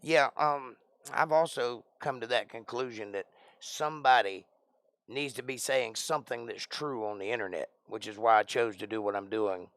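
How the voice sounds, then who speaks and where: A man's voice: mid-range voice, normal speed, a bit bright, dry recording. A man with a Georgia Southern accent hosting a casual livestream, reading chat comments aloud and answering with wry, joking banter. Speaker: livestream host and Bible teacher.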